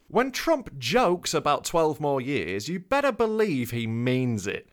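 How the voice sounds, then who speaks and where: A man's voice: medium pitch, fairly bright tone. A man delivering a scripted satirical field report in a sardonic, emphatic way.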